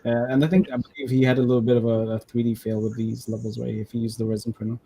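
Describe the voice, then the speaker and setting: Guy hosting a hobby stream, casual and rambly, keeps restarting his sentences, mid pitch. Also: level tone, creaky, dark tone, husky. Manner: rambling, halting, many restarts. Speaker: host of a model-building stream. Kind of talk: casual chat.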